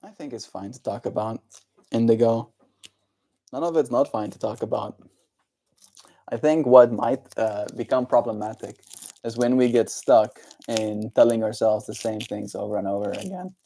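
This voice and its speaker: A man chatting on a daily livestream, answering viewers gently and encouragingly. His voice is mellow and dark, with a gravelly fry running through it. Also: medium pitch, normal speed. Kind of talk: casual livestream chat reading viewer comments.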